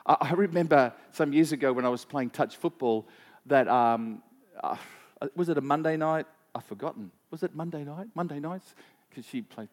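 At a moderate pace and with a voice on the high side, a man gives a sermon as pastor in a conversational style. He shares personal stories, puts questions to the congregation, and leans on repetition and fillers.

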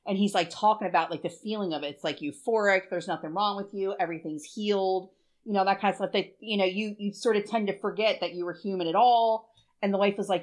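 A woman's voice: medium pitch, fast talker. A woman in her forties, co-hosting a podcast and telling a story in a chatty, emotional way, with plenty of swearing. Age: 40s. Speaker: podcast co-host. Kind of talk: casual chat.

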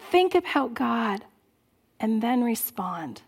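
A woman preaching a sermon in church, earnest and exhorting, dropping soft and low at times. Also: sing-song, measured pace. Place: church sanctuary.

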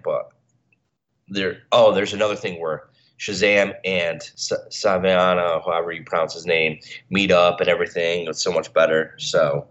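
Deep-voiced groggy man chatting casually. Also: fairly bright tone. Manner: chatty, rambling with restarts. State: groggy early-morning voice. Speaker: podcast co-host. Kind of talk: casual chat. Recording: dull lo-fi recording.

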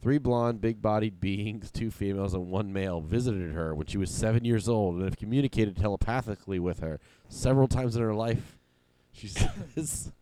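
A man's voice: lowish voice, moderate pace, dark tone, smooth. A man co-hosting a casual comedy podcast in a studio, joking and blunt, with some profanity. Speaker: podcast co-host.

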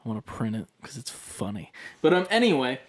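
A young man co-hosting a podcast in casual, animated chat, swearing and using lots of fillers. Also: mid-range voice, a little fast. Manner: animated, profane, uses many fillers. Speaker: podcast co-host.

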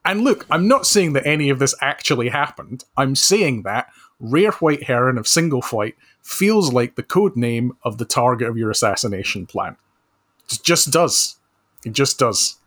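A man speaking as a podcast guest over a remote call, chatting in a dry, deadpan, mock-serious way. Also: mid-range voice, normal speed. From Scotland. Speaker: podcast guest, author and social researcher. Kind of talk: casual comedic chat.

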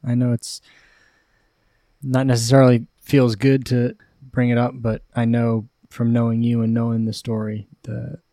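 A man's voice: medium pitch, monotone, normal speed, mellow, no echo. A man hosting a podcast, thanking his guest with appreciation. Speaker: podcast host. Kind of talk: podcast conversation.

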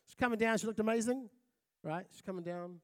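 A pastor who grew up in Fiji, giving a lively, conversational sermon and often checking in with listeners. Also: male voice, high-pitched, a little fast. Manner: lively, conversational, often asks the crowd "right?".

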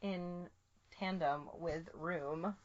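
A woman's voice: lowish voice, steady tone, very slow. A woman co-hosting a casual film podcast, laughing often as she talks. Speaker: podcast co-host. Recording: muffled lo-fi audio.

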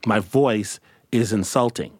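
A man hosting a casual roundtable chat, speaking reflectively and haltingly with many restarts. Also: fairly low pitch, slightly rough, no echo, clean studio sound. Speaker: host.

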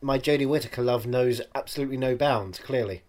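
Sarcastic guy riffing deadpan, mid voice, casual chat. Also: mid-range voice, fast. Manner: dry, sarcastic, swears freely.

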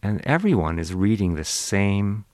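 Man, Western Pennsylvania accent, very low voice; patient professor explaining to an interviewer, dry close mic. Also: big pitch swings, darkish tone, no room sound. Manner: measured, lecturing, demonstrates speech sounds. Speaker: linguistics professor, interview guest. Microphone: studio microphone, close.

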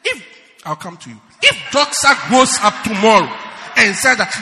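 Pastor guy, high sharp voice, shouts then goes quiet, long echo from the church hall. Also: moderate pace, gravelly, slight background noise. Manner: animated, teasing, often shouting then dropping low. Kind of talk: sermon.

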